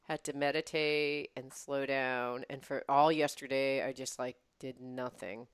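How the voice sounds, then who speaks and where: A woman co-hosting a casual podcast chat, telling a story in an animated way, with frequent restarts and laughter. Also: deep voice, slow, clean tone, dry recording, clean studio sound. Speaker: podcast co-host.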